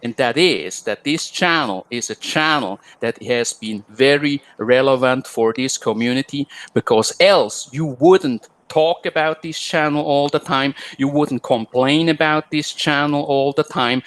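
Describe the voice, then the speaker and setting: A man hosting a live online talk show, delivering a combative, rambling monologue full of fillers. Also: fairly high pitch. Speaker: host.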